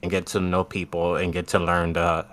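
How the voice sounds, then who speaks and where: A man's voice: low-pitched, completely flat delivery, moderate pace, a bit bright. A Japanese man, a podcast guest speaking English as a second language, chatting casually and earnestly. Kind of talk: casual chat.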